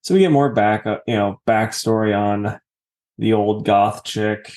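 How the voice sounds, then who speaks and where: A man's voice: on the low side, unhurried, a little mellow. A man co-hosting a podcast, casually chatting about comics and retelling stories with jokes. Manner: storytelling, jokey retelling. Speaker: podcast co-host. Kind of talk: casual comic review chat.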